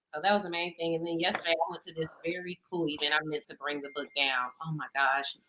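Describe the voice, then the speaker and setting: A woman's voice: low voice, quick pace, a little hiss or hum. A woman, co-hosting a casual podcast chat, telling stories with lots of laughter and acted-out quotes. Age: 30s. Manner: animated storytelling, laughing often, acting out quotes. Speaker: podcast co-host.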